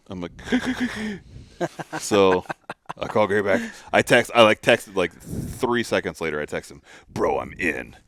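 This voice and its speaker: This podcast co-host has a fairly low voice and a slow pace. On a hunting podcast, he tells a story in relaxed conversation, animatedly performing the lines people said.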